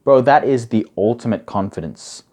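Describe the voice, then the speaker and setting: A man's voice: mid-range voice, expressive, normal speed, a little mellow. A young man giving casual advice as a coach, chatty and full of "like" and "bro". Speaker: study coach.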